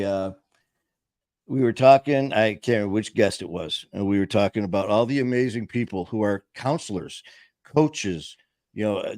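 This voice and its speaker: Male host, Boston accent, low-pitched, emphatic storyteller, dry close sound. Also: darkish tone, no echo. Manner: emphatic, plain-spoken, restarts often. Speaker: podcast host. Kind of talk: casual storytelling interview.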